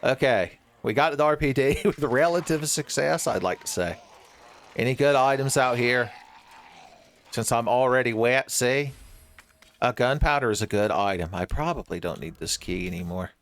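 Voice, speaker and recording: A man's voice: medium pitch, normal speed, fairly bright tone, a little hiss or hum. A man giving joking, rambling commentary while he plays a horror game, often laughing at his own jokes. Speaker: streamer playing a horror game.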